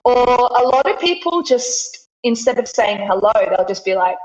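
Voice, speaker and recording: A woman's voice: fairly high pitch, very animated, normal speed, hardly any pauses. A woman with an Australian accent, chatting as an interview guest, laughing often. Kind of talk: casual interview chat. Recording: echoey room, dull lo-fi sound.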